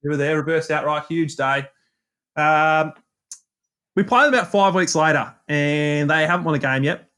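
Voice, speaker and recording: An Australian man co-hosting a podcast, telling long anecdotes in a lively, self-mocking way. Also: medium pitch. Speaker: podcast co-host. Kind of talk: casual storytelling chat.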